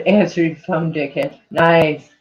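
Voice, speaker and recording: A woman's voice: low-pitched, darkish tone. A woman vlogger reading tweets aloud and reacting in a rambling, casual way, full of "like" and frequent swearing. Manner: rambling, heavy on "like", swears often. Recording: dull lo-fi sound.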